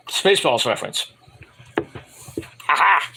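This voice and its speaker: Guy rambling thru a wrestling review, high voice, swoops up and down a lot. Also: lively intonation, measured pace, gravelly, pauses often, bright, forceful tone. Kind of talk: casual solo review monologue.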